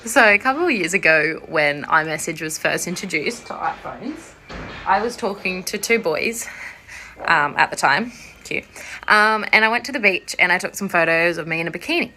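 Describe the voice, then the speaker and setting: A woman's voice: lowish voice, animated, normal speed, pushed and bright, slight background noise. A woman telling an embarrassing story in a giggly, sheepish way. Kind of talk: casual storytime monologue.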